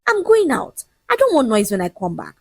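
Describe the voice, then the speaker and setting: A woman's voice: a little high, huge pitch swings, moderate pace, gravelly, a little mellow, husky, dry recording, clean studio sound, voice pushed up, full character voice. A woman voicing a smug, dismissive young man who mocks his fiancée in a folk-tale storybook reading. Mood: mocking. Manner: mocking, lecturing, casually shameless.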